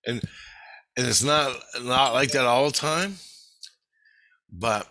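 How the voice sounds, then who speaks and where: A man's voice: mid-range voice, slow, bright, forceful tone, no room sound. A man speaking in a casual, rambling monologue, blunt and full of swearing. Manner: blunt, heavily profane, rambling with restarts. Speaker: channel host.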